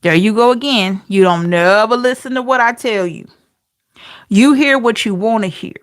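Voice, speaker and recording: A woman's voice: on the high side, moderate pace, natural voice. A woman voicing a mother who scolds her stubborn child, exasperated and repeating herself. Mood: scolding.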